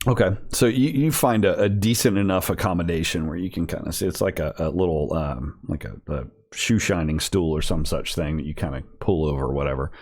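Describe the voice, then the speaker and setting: A man's voice: low voice, a little fast, hardly any pauses, a little mellow. A man running a tabletop game over an online call, narrating casually with many fillers and restarts. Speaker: game master.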